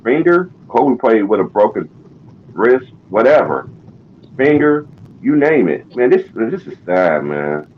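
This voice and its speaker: A man's voice: lowish voice, big pitch swings, slow. A man on a sports panel call, ranting in a profane, exasperated way. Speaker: panel guest. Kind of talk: heated sports chat. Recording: dull lo-fi call audio with faint noise.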